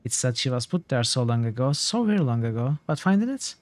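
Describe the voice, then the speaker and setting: A man reading aloud the lines of an old, superstitious woman in a game, voicing her fearful, folksy warnings in his own plain voice at a middling pitch. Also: very animated, fairly quick, no echo, close to an everyday voice. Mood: weary. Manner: archaic folksy speech, fretful warnings.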